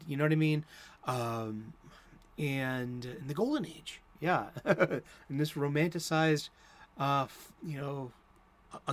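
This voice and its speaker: A man's voice: fairly high pitch, fairly bright tone. A middle-aged American man hosting a casual chat, rambling with many fillers and restarts. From United States. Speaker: host.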